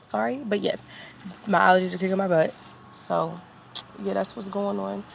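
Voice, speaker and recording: A woman's voice: mid-range voice, fairly even intonation, moderate pace, gravelly, slight background noise. A woman vlogging in casual, rambling chat full of fillers, sounding stuffy from allergies. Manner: chatty, rambling, with many fillers.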